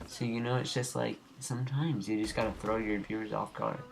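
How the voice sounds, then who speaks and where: A young man hosts a gaming channel, talking over his gameplay footage in a rambling, goofy way that drifts off track easily. He sounds lowish and creaky, brisk, with fairly even intonation, in a home recording with faint noise.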